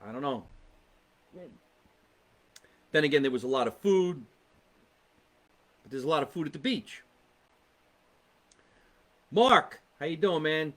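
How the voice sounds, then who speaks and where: A man's voice: a little high, lively intonation, measured pace, pauses often, fairly bright tone. A male comedian with a thick New Jersey accent hosts a laid-back live podcast, reading viewer comments aloud. His voice sits slightly above the usual male range. He rambles from topic to topic with exasperated asides.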